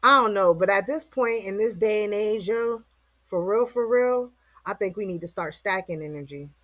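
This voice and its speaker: A woman's voice: medium pitch, normal speed, a bit bright, dry recording. A woman vlogger giving a casual motivational monologue, slangy and rambling, full of rhetorical questions.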